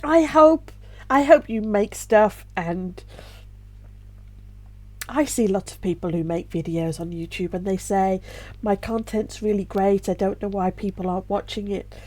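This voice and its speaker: A tearful middle-aged woman talks to her camera in a personal vlog. Her voice is soft and reflective, with sighs and small laughs between thoughts. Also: medium pitch, steady tone, a little slow. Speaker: vlogger and self-published author.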